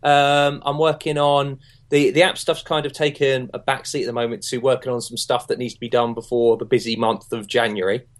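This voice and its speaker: A man co-hosting a casual podcast, quick to laugh and trade jokes. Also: mid-range voice, flat delivery. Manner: giggly, jokey banter. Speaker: podcast co-host. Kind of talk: casual chat.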